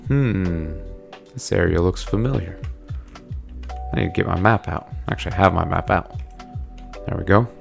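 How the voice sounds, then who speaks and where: A man's voice: low-pitched, normal speed, vocal fry, long pauses. A man giving casual let's play commentary in a chatty way, often talking to characters in the game. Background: faint background music.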